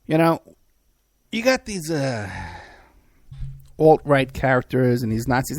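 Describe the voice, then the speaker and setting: Gravelly, sarcastic male podcast host. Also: medium pitch, sing-song, normal speed, long pauses, no echo. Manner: rambling, sarcastic, many fillers and restarts. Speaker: podcast host and private investigator. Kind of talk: casual mocking commentary.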